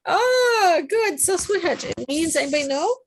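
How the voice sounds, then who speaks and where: A woman's voice: very high-pitched, expressive, normal speed, slight background noise. A woman teaching a Polish class over a video call, patiently explaining phrases and encouraging her students. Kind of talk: online language class. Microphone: computer mic on a video call.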